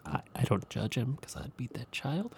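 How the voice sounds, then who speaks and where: A man's voice: medium pitch, sing-song, normal speed, gravelly, husky, no echo. A man co-hosting a podcast, chatting casually about an episode and tossing in dry jokes. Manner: dry joking asides. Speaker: podcast co-host. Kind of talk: casual episode recap chat.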